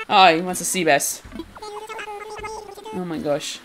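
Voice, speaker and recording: A woman's voice: lowish voice, steady tone, takes it slowly, pauses often, a bit bright. A woman chatting casually and giggling often while live-streaming a game and answering her chat. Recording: faint game music behind.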